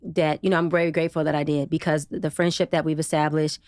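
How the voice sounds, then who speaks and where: A woman guest on a podcast, a psychologist and TV producer, telling a personal story in a casual, expressive way with slang. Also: fast talker, no echo, clean studio sound. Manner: expressive, casual and slangy, acts out quotes with big pitch jumps. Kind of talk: animated personal storytelling in an interview.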